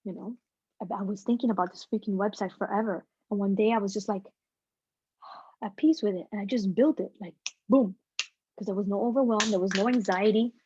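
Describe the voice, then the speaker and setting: A woman guest speaker giving a casual, energetic motivational talk to a team over a video call, with plenty of slang. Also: medium pitch, brisk, breathy edge, no echo, dull audio.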